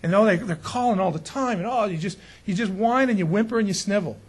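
A pastor with a husky, breathy edge to his fairly high voice talks through his sermon in a loose, conversational way. He jokes, stresses his points hard, and keeps turning to his listeners with questions. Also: fast talker. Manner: joking, emphatic, asks the listeners questions.

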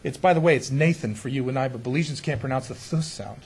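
Guy pastor giving a chatty sermon, kinda husky voice, lots of "right?" to the crowd. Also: medium pitch, fast, darkish tone. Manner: keeps asking the congregation rhetorical questions. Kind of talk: conversational sermon.

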